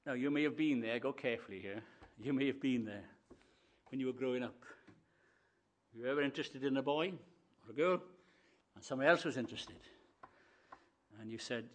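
A man preaching a sermon, telling stories and acting out the quoted voices, moving from hushed asides to emphatic declarations. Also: mid-range voice, lively intonation, moderate pace, long pauses.

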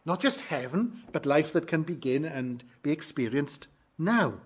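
Husky-voiced male preacher. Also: on the high side, lively intonation, unhurried. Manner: preaching with rising emphasis on quoted questions. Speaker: pastor. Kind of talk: sermon.

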